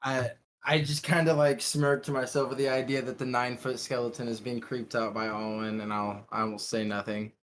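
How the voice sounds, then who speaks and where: A man's voice: medium pitch, level tone, moderate pace, few pauses, a bit bright, a little hiss or hum. A man taking part as a player in a tabletop game, describing his character's actions casually with hesitant fillers.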